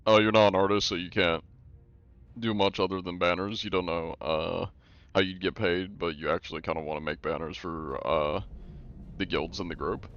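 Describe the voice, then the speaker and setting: A man's voice: sits low, steady tone, normal speed, fairly bright tone, lo-fi sound. A man streaming live, chatting casually while gaming and answering his chat, rambling with many fillers and restarts.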